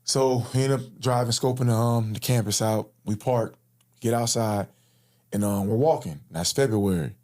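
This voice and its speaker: A man's voice: lowish voice, normal speed, a little mellow. A man casually recounting a personal story in an interview, in slangy talk and acting out the quoted lines. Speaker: interview guest.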